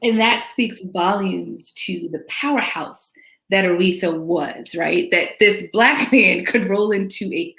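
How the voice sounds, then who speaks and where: A woman's voice: medium pitch, takes it slowly, creaky, fairly bright tone, echoey room. A woman hosting a casual movie discussion podcast, thoughtful and conversational. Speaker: podcast host.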